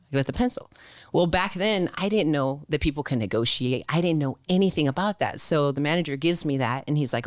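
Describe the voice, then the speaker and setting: A woman's voice: deep voice, no echo, studio quality. A woman in her forties, a guest in a casual interview, telling a story and acting out the other voices in it. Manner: animated storyteller acting out quoted dialogue.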